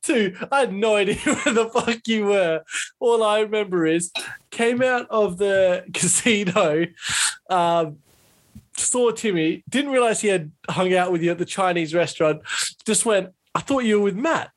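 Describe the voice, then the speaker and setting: A young man with a notably high voice chimes into a casual conversation, laughing often as he trades banter. His delivery is loose and chatty. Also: measured pace. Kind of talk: casual chat.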